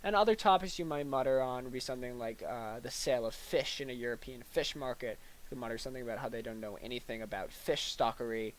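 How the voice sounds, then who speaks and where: A young man with a mid-range voice delivers a deadpan parody lecture, halting and packed with fillers. His mock-serious tone is broken by small acted-out asides, and the recording quality is low.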